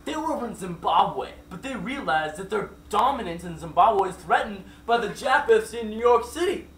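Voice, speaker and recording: A man's voice: sits high, expressive, normal speed, a bit bright. A man telling a made-up, silly story off the cuff, rambling with many digressions and asides. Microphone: distant mic. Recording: roomy echo from far off, faint background.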